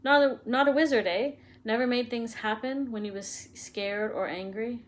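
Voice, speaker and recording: Woman doing gruff kindly giant gamekeeper, rough country speech, storybook reading, faint background hum. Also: a little high, moderate pace, lightly acted. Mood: amused.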